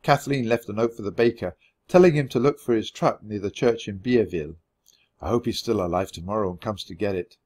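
A man's voice: on the low side, brisk, darkish tone, close to an everyday voice. A man voicing a practical, level-headed boy in a storybook reading. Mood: earnest.

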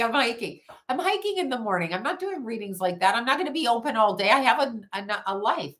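A woman's voice: on the high side, fairly bright tone. Woman doing a home psychic livestream, super blunt, swears a lot, just chatting at the comments. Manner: blunt, profane, talks back to chat. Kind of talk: casual livestream chat reading comments.

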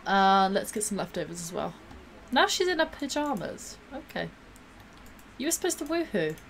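A woman's voice: medium pitch, very animated, normal speed, gravelly, slight background noise. A woman gives bubbly, gushing live-stream commentary while she plays a game, gasping and laughing often.

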